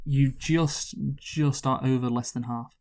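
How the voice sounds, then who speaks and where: A man's voice: mid-range voice, fairly even intonation, measured pace, a little mellow. Joking, giggly male podcast host. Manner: joking, giggly, rambling with restarts. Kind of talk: casual comedic chat.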